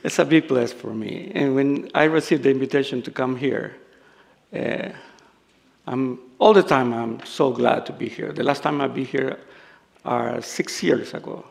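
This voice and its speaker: An older man from El Salvador with a Salvadoran Spanish accent, a native Spanish speaker preaching a sermon in halting English, humorous and self-deprecating, laughing often. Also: mid-range voice, gravelly. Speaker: guest preacher.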